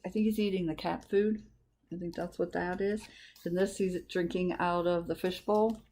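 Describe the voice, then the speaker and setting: A woman librarian reading a picture book aloud to children, gently asking them questions. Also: lowish voice, steady tone, moderate pace, a little hiss or hum. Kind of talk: storytime read-aloud to children.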